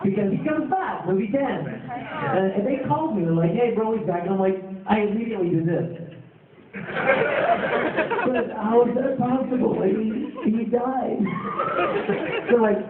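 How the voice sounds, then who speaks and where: A man on a convention panel, telling lively stories and acting out quotes and yells for the audience. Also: high voice, normal speed, pauses often. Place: large convention hall. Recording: echoey, tinny, from far, noisy crowd. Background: crowd noise.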